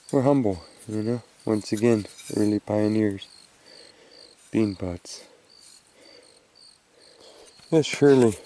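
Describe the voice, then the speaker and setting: Slow-talking, low-voiced man detecting outdoors. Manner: relaxed, musing, thinking aloud. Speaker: metal detecting vlogger. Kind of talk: casual outdoor commentary. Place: outdoors under oak trees.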